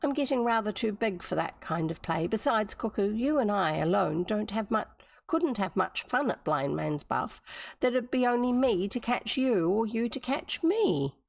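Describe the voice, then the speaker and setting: A woman voicing a curious, wilful young girl, speaking high and eagerly in a storybook reading. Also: lively intonation, normal speed, gravelly. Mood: protesting.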